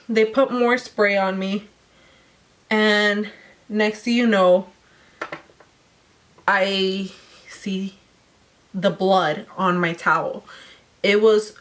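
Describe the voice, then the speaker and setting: A young woman vlogger casually telling a personal story while doing her makeup, acting out what people said. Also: medium pitch. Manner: chatty, animated retelling with quoted voices. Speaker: beauty vlogger.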